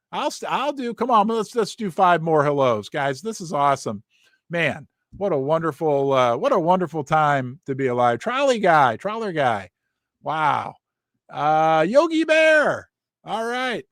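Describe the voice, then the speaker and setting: A man hosting a precious metals live stream from his basement, excitedly greeting viewers by name and losing his voice. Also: sits high, no echo, studio quality. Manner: excitable, reading out viewer names. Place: basement room.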